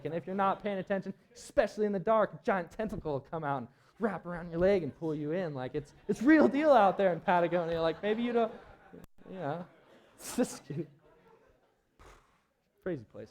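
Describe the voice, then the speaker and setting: A young man presenting at a climbing event tells a climbing story to a live auditorium crowd, his voice high, animated, darkish in tone, and at normal speed. He rambles and laughs, full of filler words.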